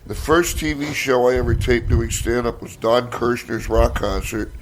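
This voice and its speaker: An older man, a comedian, chatting casually and rambling through stories with lots of fillers and swearing, relaxed and mellow after a massage. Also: medium pitch, moderate pace, a little hiss or hum. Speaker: stand-up comedian guest. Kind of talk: casual chat.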